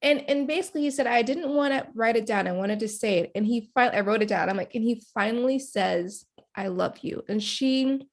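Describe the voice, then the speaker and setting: A woman's voice: fairly high pitch, brisk, hardly any pauses. A woman guest on a podcast, animatedly retelling reality show scenes and acting out the quotes, often laughing. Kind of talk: casual chat recap.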